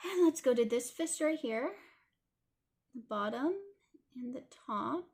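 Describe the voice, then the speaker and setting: A woman's voice: sits high, lively intonation, unhurried, darkish tone. A woman with a Toronto Canadian accent hosting a casual drawing tutorial, chatting and apologizing in asides while she inks. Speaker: art tutorial host.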